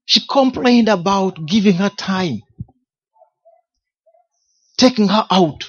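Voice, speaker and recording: Male minister giving a testimony sermon, emphatic with rhetorical questions, husky voice, muffled lo-fi sound. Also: high-pitched, slow, long pauses. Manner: emphatic, repeats key words, rhetorical questions. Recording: dull lo-fi recording.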